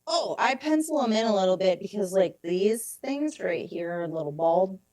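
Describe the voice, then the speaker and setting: A young adult woman co-hosting a podcast in casual chat, self-deprecating and quick to laugh. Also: medium pitch, animated, darkish tone, dry recording. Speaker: podcast co-host.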